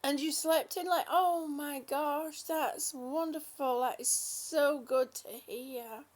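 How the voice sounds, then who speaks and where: With a high-pitched voice and a steady tone, a woman speaks slowly while hosting a casual livestream. She reads viewer comments and chats fondly, calling people sweetie and honey.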